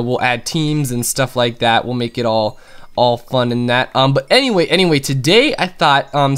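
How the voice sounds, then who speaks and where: A young man chatting casually through gameplay commentary, excitable and full of fillers. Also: medium pitch, smooth. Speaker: gaming YouTuber.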